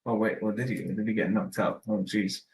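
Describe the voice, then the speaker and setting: A man's voice: fairly low pitch, fairly even intonation, a little fast, a little hiss or hum, low-quality recording. Rambling man hosting a fight podcast. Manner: rambling, full of fillers and restarts, swears casually. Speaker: podcast host. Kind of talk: casual fight-talk podcast chat.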